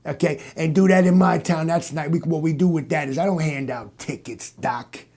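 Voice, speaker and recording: Man doing a loudmouth bully cop, cocky and needling, gravelly and dark-toned, for a comedy audio drama. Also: on the high side, moderate pace. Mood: bragging. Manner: cocky and bullying, jabs with "Doc". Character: brash, loud tough-guy cop man.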